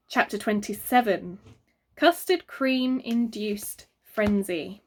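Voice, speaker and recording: A woman reading a children's book aloud, very expressive and adding sound effects. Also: on the high side, a little slow. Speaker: reader. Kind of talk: storybook read-aloud for children.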